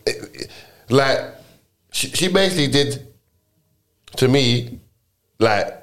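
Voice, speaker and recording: A man's voice: medium pitch, lively intonation, slow, a bit bright. A young man with a London accent tells a story in loose, casual chat. He leans on slang and keeps restarting his sentences. The delivery is rambling and unpolished.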